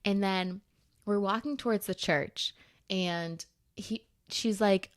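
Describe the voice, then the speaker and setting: A young woman co-hosting a podcast, telling a story in an animated, exasperated rush, full of "like"s. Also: lowish voice. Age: young adult. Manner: animated, rushed, exasperated retelling with many "like"s. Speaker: podcast co-host. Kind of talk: casual storytelling.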